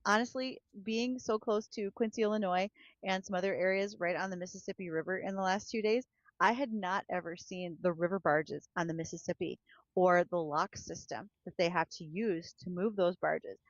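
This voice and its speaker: A woman's voice: fairly low pitch, moderate pace, dry recording, muffled recording. A woman co-hosting a farm and weather show, chatting and giving a market report. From North Dakota. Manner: chatty, laughs easily, storytelling. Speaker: agriculture director and co-host. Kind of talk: casual on-air chat and farm market report. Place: broadcast studio.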